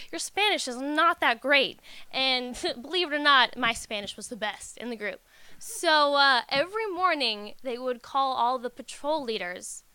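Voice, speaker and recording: A young woman in her twenties tells a story on stage, loose and self-mocking, tossing in swear words and chuckles. Her voice sits high and sounds bright and sharp. The sound is close and dry, with no room around it. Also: smooth, no room sound. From United States. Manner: laughs through the telling and acts out quotes.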